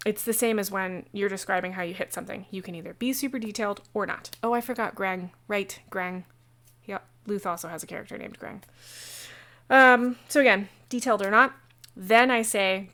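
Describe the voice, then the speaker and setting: A woman game master talking casually on a livestream about running a tabletop session, chatty and digressive, with quick asides. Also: mid-range voice, a bit bright. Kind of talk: casual how-to talk on a livestream.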